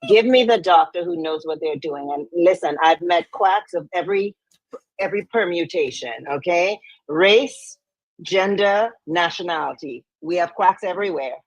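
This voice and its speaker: A woman co-hosting a podcast, chatting in an animated, indignant way and laughing often. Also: lowish voice, moderate pace, dry recording, low-quality recording. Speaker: podcast co-host. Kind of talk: casual chat.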